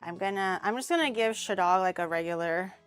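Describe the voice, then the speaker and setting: A woman's voice: medium pitch, fairly quick, clean tone, soft background music. A woman streamer chatting casually while tasting food she cooked, bubbly and talkative. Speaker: streamer host. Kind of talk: casual chat while eating.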